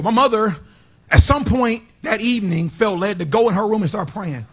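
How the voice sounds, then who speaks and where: A middle-aged man preaches from the pulpit. His voice sits high for a man and sounds husky. He swings from loud, shouted praise down to quiet, hushed storytelling. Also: animated, moderate pace. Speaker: pastor. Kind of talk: sermon. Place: church sanctuary.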